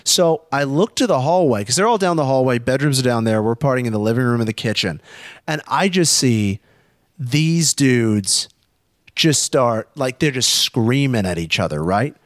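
A man's voice: medium pitch, moderate pace, dry recording, clean studio sound. Man telling a rowdy party story. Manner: profane, animated, acts out shouting voices. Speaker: podcast storyteller. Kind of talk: casual storytelling chat.

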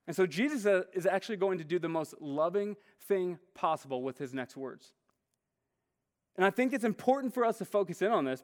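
Guy preaching casually, lots of "like", voice ringing out in a big room. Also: high-pitched. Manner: casual, conversational, says "like" often. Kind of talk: sermon. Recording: long hall reverb.

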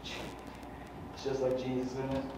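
A man's voice: mid-range voice, monotone, takes it slowly. Fervent man preaching in echoey hall. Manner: fervent, conversational preaching with rhetorical questions. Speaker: pastor. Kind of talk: sermon. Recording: echoey hall from far off, dull and faintly noisy.

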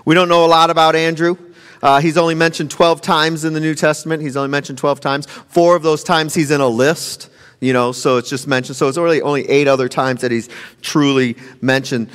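A man, a pastor, giving a conversational sermon, animated and repeating his phrases. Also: a little high, fairly quick, clean tone. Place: church sanctuary. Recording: long reverb of a large hall.

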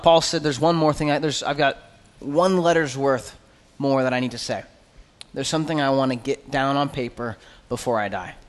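A man preaching an expository sermon as pastor, earnest and conversational, with quick asides. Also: a little high, big-room sound.

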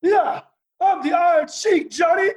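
A man imitating a brash, swaggering older male wrestler with a loud, high, shouting voice. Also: unhurried. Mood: boisterous.

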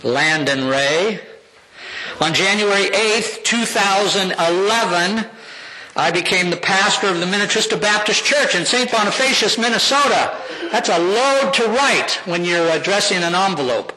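An older male pastor speaks from the pulpit, reflecting warmly on his life and family in a personal testimony. His voice sits a little high and sounds bright and forward, slowing down to stress key phrases. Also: expressive, low-quality recording. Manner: heartfelt, reflective, with slow emphatic phrases.

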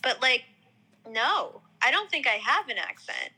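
Bright-voiced young woman chatting casually. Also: sits high, sing-song, measured pace, husky, rough recording. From New York area. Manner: rambling, lots of "like" fillers. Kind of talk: casual chat.

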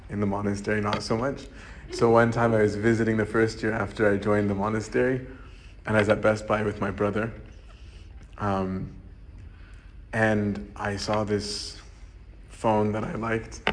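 A man's voice: lowish voice, a little hiss or hum. A man, a monk, giving an informal, conversational sermon and often checking in with "right?". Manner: conversational, keeps asking "right?". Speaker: monk preacher.

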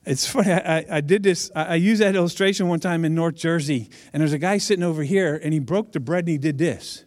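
Casting note: male preacher with a fairly high voice, relaxed and chatty, jokes with the congregation. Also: fast talker. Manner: chatty, humorous, addresses audience directly. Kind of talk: casual conversational sermon.

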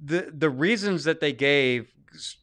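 Slightly high-voiced and measured in pace, a Southern US podcast co-host makes his points emphatically in a casual debate, restarting often and swinging his volume lively.

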